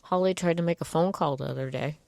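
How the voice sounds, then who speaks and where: A woman with a very low voice chats as a show co-host. She talks loosely and wryly, letting sentences trail off. The recording is dry and close. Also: quick pace, creaky, mellow, no room sound. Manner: chatty, wry, trails off mid-thought. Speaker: podcast co-host. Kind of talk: casual chat.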